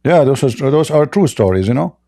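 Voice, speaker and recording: A man's voice: mid-range voice, animated, a little fast, mellow. A man hosting a live online debate, mocking and combative, often laughing at his opponents. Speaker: debate host.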